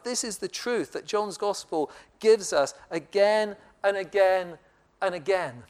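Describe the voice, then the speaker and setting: A male preacher delivers his sermon in a conversational yet emphatic manner. His voice sits high and he takes his time, letting dramatic pauses hang between phrases. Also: animated, clear, resonant tone.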